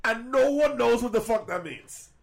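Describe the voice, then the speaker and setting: A young man co-hosting a podcast, telling stories in a profane, animated way and putting on voices for the people he quotes. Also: very high-pitched, moderate pace, vocal fry, very noisy. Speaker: podcast co-host. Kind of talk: casual podcast banter.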